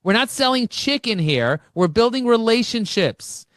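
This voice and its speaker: A man speaking as an interview guest, telling energetic stories and acting out both sides of conversations. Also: extremely high pitch, normal speed, no echo, clean studio sound. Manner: animated, acts out dialogue with shifting voices. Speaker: podcast guest, marketing expert.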